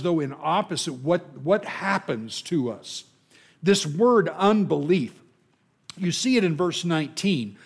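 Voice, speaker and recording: A man preaching a sermon to his congregation in a conversational, self-deprecating way, asking them questions. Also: on the high side.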